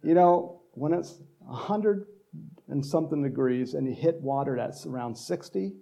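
A man's voice: fairly high pitch, lively intonation, moderate pace, gravelly, dark tone. A middle-aged male pastor from Texas giving a casual, rambling sermon full of stories and laughter.

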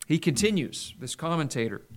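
A middle-aged man preaching a sermon in an earnest way, slowing down for emphasis. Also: a little high, sing-song. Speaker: pastor.

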